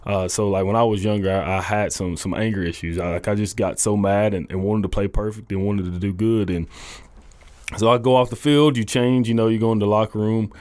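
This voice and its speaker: A young man, a college football coach, telling his faith story in a halting, earnest way full of restarts. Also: lowish voice, steady tone, darkish tone, no room sound. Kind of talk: casual testimony interview.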